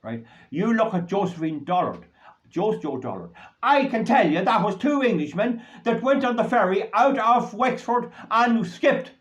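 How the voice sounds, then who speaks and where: Sitting high with big pitch swings at a moderate pace, an Irish man runs his own commentary channel. He delivers a rambling, indignant solo monologue that heats up, and the recording sounds dull and lo-fi.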